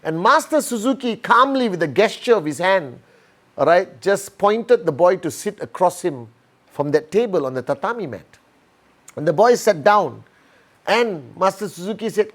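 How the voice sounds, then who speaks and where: Man, motivational trainer, high voice, storytelling lesson, repetitive, checks in often. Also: very animated, moderate pace. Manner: repetitive, checks in with "all right?" and "okay".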